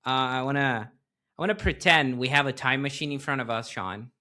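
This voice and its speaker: A man's voice: mid-range voice, fairly quick, sharp tone. A man hosting a podcast interview, chatting casually and joking playfully with his guest. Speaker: podcast host.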